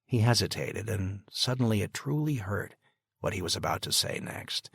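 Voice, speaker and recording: A man narrating an audiobook in a steady, even storytelling manner. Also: lowish voice, brisk, gravelly, breathy edge, dry recording, studio quality. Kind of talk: scripted narration.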